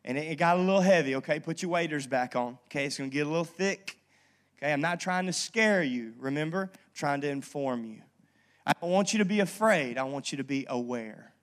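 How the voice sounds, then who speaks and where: Conversational preaching man, slightly high voice. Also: brisk. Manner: conversational, lively storytelling with frequent "okay?" asides. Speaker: pastor. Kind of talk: sermon. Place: church.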